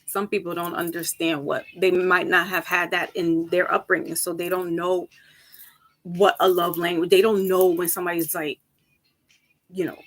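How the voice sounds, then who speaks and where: A woman tarot reader chatting casually with her viewers, rambling from topic to topic, laughing easily and jumping up high for emphasis. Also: level tone, moderate pace. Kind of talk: casual chat with viewers before a reading.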